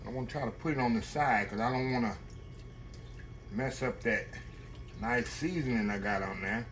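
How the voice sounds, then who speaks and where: A man talks his viewers through a home-cooked meal, folksy and chatty and never far from a "y'all". His voice sits at an everyday middle pitch. A steady hiss of background noise runs under the kitchen recording. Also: moderate pace. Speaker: cooking channel host. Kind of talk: casual cooking demonstration.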